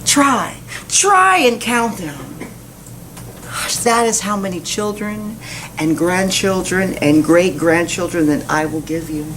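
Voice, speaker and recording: A woman preacher voicing God as a kindly, reassuring figure, speaking gently and casually in a sermon. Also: high voice, expressive, a little fast, few pauses, a little hiss or hum, voice pushed up. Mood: gentle.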